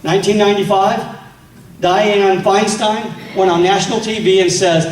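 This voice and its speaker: A man's voice: high-pitched, fairly even intonation, normal speed. A man giving a fiery political speech at a meeting, rousing the crowd with rhetorical questions. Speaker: political speaker. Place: meeting hall. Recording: echoey hall from far off.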